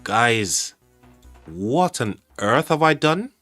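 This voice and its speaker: Excitable man hosting a game stream. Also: medium pitch, extremely slow, dry recording, soft background music. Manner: excitable, stammering, thanks chat often. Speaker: game livestream host. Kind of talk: live stream chat with viewers.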